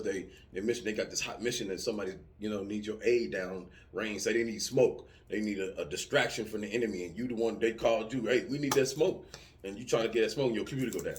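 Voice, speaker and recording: A middle-aged man talking casually, telling lively stories with profanity and acting out yelling soldiers. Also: lowish voice. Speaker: vlogger answering subscriber comments. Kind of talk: casual chat.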